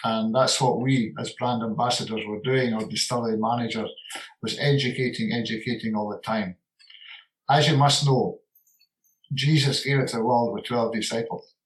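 Older whisky man, mid-pitched, loose and heartfelt interview talk. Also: steady tone, moderate pace, rough recording. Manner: warm, rambling, repeats words for emphasis. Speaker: retiring distillery manager and whisky blender. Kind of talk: relaxed interview conversation.

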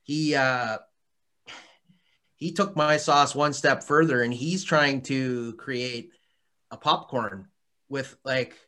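Bright-voiced man, chatty and rambling. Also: medium pitch, slow, pauses often. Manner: rambling, many fillers and restarts, laughs often. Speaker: interview guest, hot sauce maker. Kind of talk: casual interview chat.

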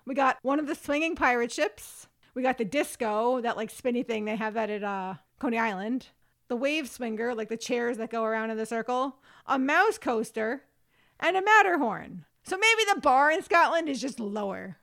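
A woman's voice: fairly high pitch, lively intonation, normal speed, fairly bright tone. A woman co-hosting a podcast, recapping a reality dating show in casual, wry chat and laughing often. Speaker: podcast co-host.

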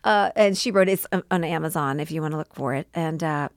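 Brief Woman guest, gravelly low voice, heartfelt and emotional, dry close sound. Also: fast talker, dry recording. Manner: heartfelt, tearful at times, laughs often. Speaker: podcast producer, guest. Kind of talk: emotional interview conversation.

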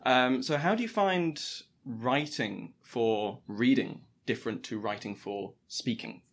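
A man's voice: mid-range voice, a little slow. A man hosting an interview, asking easygoing questions and adding short agreeing remarks. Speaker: podcast host interviewer. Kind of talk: casual interview chat.

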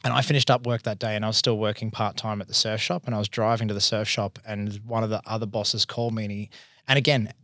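An Australian man in his thirties tells stories as a podcast guest, lively and candid, now and then swearing. His voice sits in an ordinary middle pitch. The recording is dry and close, with no room sound. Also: no room sound. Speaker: accounting firm partner, podcast guest. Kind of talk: casual storytelling in conversation.

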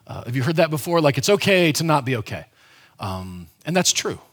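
A man's voice: on the high side, very animated, a little fast. A man pastor giving a conversational, emphatic sermon, often restarting his sentences as he explains a Bible passage.

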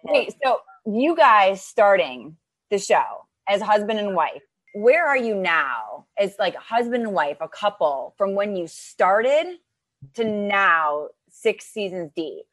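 A woman hosting an interview, chatty and quick with eager follow-up questions. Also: mid-range voice, very animated, fairly bright tone, no echo. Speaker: podcast host. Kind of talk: casual interview chat.

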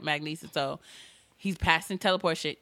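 A woman's voice: low-pitched, steady tone, quick pace, sharp tone. A woman co-hosting a casual podcast, chiming in, echoing her partner and laughing along. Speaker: podcast co-host. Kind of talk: casual chat.

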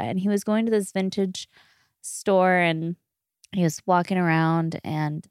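A woman's voice: medium pitch, fairly even intonation, normal speed, a little mellow, clean tone, no echo, studio quality. A woman, hosting a solo podcast in casual chat. She gushes, laughs often and swears freely. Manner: chatty, gushing, laughs often. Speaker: podcast host.

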